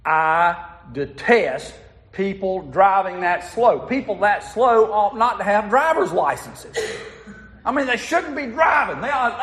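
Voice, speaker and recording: A man's voice: high voice, a bit bright. A man preaching a sermon, telling stories in a folksy way and putting asides to the congregation. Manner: folksy storytelling with audience asides.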